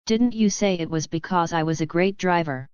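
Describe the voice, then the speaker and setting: A blunt, bald, muscular male street racer, as a woman puts him on in an audiobook. He talks directly, in a lowish, smooth voice. The sound is dull and lo-fi. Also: moderate pace, a little mellow, dry recording, natural voice.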